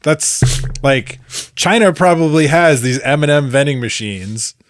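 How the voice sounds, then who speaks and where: A man co-hosting a podcast in casual chat, halting and full of fillers, speaking into a boom mic. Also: lively intonation, dry recording, studio quality. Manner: laughs often, filler-heavy, halting. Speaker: podcast co-host.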